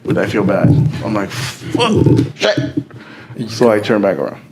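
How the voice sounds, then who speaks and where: A man's voice: lowish voice, steady tone, fast talker, very noisy. Profane young man telling a story. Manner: profane, slangy, acts out quoted dialogue. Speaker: podcast co-host. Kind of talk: casual storytelling among friends.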